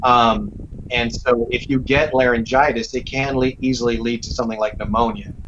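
A man's voice: mid-range voice, moderate pace, noisy background. Rambling male voice actor, dull audio. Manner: relaxed, rambling, with many fillers. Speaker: voice actor guest. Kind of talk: casual interview over a call.

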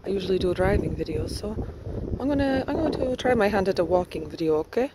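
A woman's voice: medium pitch, expressive, fast, heavy background noise. A woman speaking in a put-on Spanish accent, giving a rambling, casual walking tour outdoors and recording on a handheld phone. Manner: chatty, rambling, thinking aloud with many fillers. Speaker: vlogger giving a neighborhood tour. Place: outdoors, walking around a pond in a housing development.

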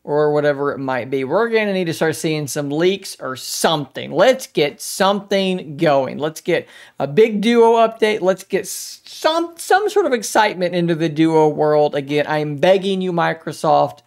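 A man's voice: on the high side, sing-song, normal speed. Opinionated man hosting a tech vlog. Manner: opinionated, conversational, talks straight to viewers. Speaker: tech channel host.

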